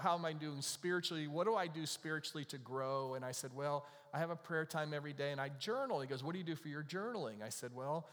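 A man preaching a sermon in a conversational way, with emphatic bursts that drop to soft, quiet lines. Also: fairly high pitch. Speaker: pastor. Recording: long hall reverb.

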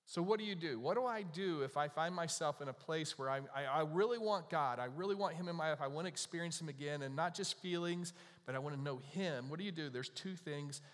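Male pastor, slightly high voice, chatty sermon delivery, long hall reverb. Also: fairly quick, few pauses. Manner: conversational preaching, rising to emphatic bursts then dropping soft.

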